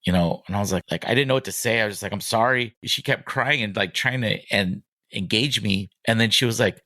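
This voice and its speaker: A man in his forties talks with a fairly low, grounded voice, recorded close and dry with no room sound around him. He tells personal stories candidly, stopping and restarting, with filler words scattered through his speech. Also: pushed and bright, dry recording. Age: 40s. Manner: halting, frequent "like" fillers and restarts. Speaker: podcast guest.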